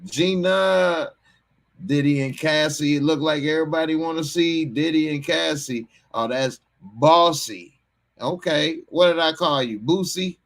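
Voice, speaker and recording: A man's voice: a little high, unhurried. A man hosting a casual live stream, laid-back and chuckling as he greets chatters. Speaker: livestream host.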